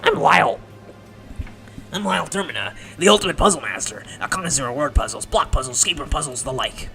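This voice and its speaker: A woman's voice: low voice, expressive, quick pace, gravelly, music in the background, rough recording. A woman voicing a cool, dry young male puzzle master who explains things matter-of-factly in a visual novel. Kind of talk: voiced visual novel reading.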